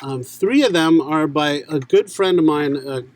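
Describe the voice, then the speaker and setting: A man's voice: on the high side, unhurried, a little hiss or hum. Wisecracking voice actor, a man from New York. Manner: wisecracking, laughs often. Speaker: guest voice actor. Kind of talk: casual podcast chat.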